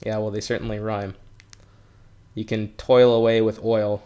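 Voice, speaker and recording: A man's voice: on the low side, flat delivery, normal speed, dark tone, clean tone. A man teaching English on a livestream from home, explaining words plainly and chatting with his viewers in a friendly way. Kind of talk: live-streamed language lesson.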